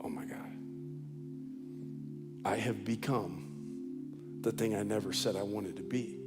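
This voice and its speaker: A man's voice: mid-range voice, normal speed, long reverb tail, over loud music, lightly acted. A preacher voicing a shaken, remorseful king. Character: remorseful male king realizing his guilt.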